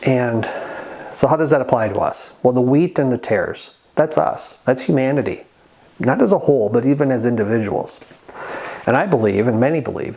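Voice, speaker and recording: Guy doing an earnest casual sermon, reads bible verses out, mid-pitched voice. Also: gravelly, darkish tone. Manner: earnest, conversational, reads scripture aloud. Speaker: Christian channel host. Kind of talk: sermon-style monologue.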